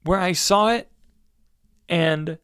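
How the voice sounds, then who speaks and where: A man's voice: high-pitched, takes it slowly, a bit bright, clean tone, no room sound, clean studio sound. A man co-hosting a movie news roundtable podcast, talking casually with candid, profane jokes. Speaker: podcast co-host.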